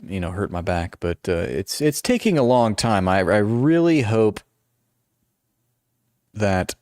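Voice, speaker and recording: Deep-voiced man in his forties, dry sound. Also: very animated, a little slow, a little mellow, no room sound. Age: 40s. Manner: rambling, self-deprecating, many restarts. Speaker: livestream host. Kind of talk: casual livestream chat. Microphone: noise-canceling headphones.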